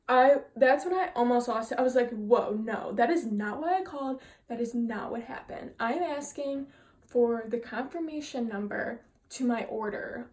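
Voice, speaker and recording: A young woman, sitting down to vlog an animated, frustrated story about a bad customer service call. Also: a little high. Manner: frustrated, animated retelling with quoted dialogue. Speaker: vlogger telling a story.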